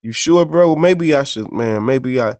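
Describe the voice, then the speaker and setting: A man's voice: mid-range voice, animated, unhurried, a little mellow, no room sound. A man co-hosting a podcast, telling stories in casual, slangy, profane chat with constant "you know what I'm saying" tags. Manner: loose, conversational storyteller. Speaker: podcast co-host. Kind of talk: casual unscripted chat and storytelling.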